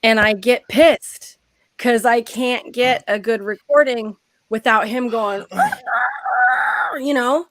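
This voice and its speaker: Woman guest for casual live-stream banter: blunt, profane storyteller, a touch high-pitched. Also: big pitch swings, takes it slowly, a bit bright, poor audio. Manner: blunt, swears freely, laughs while telling stories. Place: at home.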